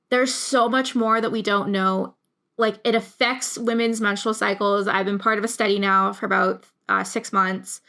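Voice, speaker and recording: Rambling young woman with gravelly fry. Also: mid-range voice, level tone, normal speed, pushed and bright. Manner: rambling, emotional, many restarts. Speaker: YouTube creator. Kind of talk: casual talk to camera.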